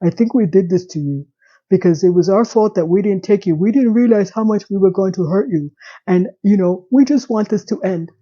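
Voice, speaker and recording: A woman voicing an emotionless woman lawyer in a monotone, deadpan delivery. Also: fairly low pitch, unhurried, few pauses, highs cut off, lightly acted.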